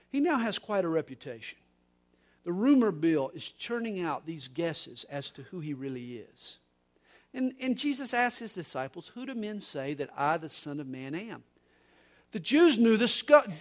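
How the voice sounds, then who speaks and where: A man preaching a sermon as pastor, moving between soft, low stretches and loud, emphatic ones, with occasional repeated words. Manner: preaching with wide swings in loudness, from soft to emphatic.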